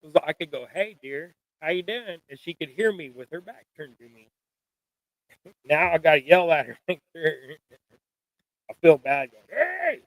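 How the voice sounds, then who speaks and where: Tying jigs at home during a casual live stream, this middle-aged man who hosts a fishing channel rambles in a folksy, self-deprecating manner. His voice is fairly high and gravelly, a little slow, with long pauses. The recording is rough but has no echo.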